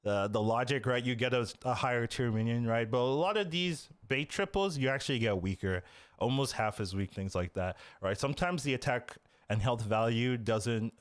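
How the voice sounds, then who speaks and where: A man hosting a casual game-strategy podcast, talking in an animated way and peppering his points with "you know" and "right?". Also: mid-range voice, moderate pace, no room sound. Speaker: podcast host.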